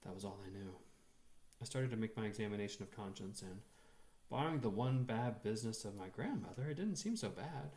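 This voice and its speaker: A man reading a short story aloud in a measured, expressive storytelling manner. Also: on the low side. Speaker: reader.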